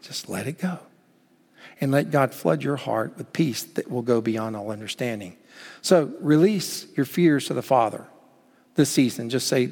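A man preaching a sermon as pastor, urging his listeners on and telling a story in lively acted quotes. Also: mid-range voice, measured pace, creaky. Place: church sanctuary. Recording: long hall reverb.

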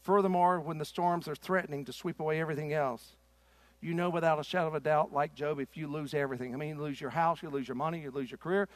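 A middle-aged man preaching a sermon in a church. His delivery is impassioned and swings from loud to hushed. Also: on the high side, steady tone, fast talker, dry recording. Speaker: pastor. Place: church sanctuary.

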